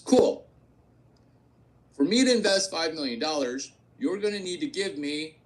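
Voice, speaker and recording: A brash man delivering a provocative solo rant, hammering his points with crude jokes and repetition. His pitch sits a little high and jumps around constantly. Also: lively intonation, measured pace. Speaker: host.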